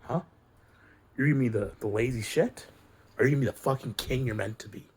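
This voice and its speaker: A man's voice: medium pitch, fast talker, a little mellow, a little hiss or hum. Swearing man on a heated rant. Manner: heated, preachy, swears constantly. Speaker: video creator. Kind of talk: profane ranting monologue.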